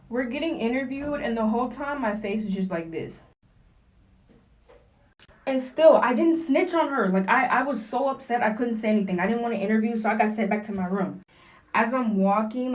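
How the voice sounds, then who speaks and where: A woman's voice: on the high side, moderate pace, distant mic, lo-fi sound. A young woman telling a personal story to camera in blunt, slangy, profane casual talk. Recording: voice a bit off-mic.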